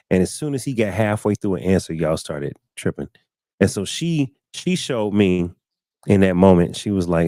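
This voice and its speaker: Low-voiced man hosting a live-stream chat. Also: mellow, no echo, clean studio sound. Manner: storytelling, acting out quoted people; repeats words while finding his thought. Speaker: talk show host.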